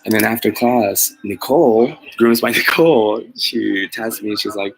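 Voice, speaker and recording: A man's voice: medium pitch, normal speed, fairly bright tone, low-quality recording. A man chatting casually to his viewers, rambling and self-deprecating, laughing often, with many fillers and restarts. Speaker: mobile pet groomer vlogger. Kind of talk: casual chat to live viewers.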